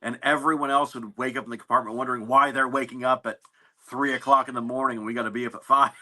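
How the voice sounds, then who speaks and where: A man in an interview, telling stories about his navy service in a relaxed, anecdotal way with fillers and restarts. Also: mid-range voice, quick pace. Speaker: navy veteran guest. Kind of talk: casual interview storytelling.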